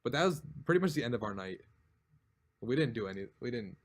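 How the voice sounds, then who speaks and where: A man's voice: medium pitch, big pitch swings, fast talker. A man co-hosting a casual podcast, telling a long, rambling story with frequent laughs and lots of "like". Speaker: podcast co-host. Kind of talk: casual chat.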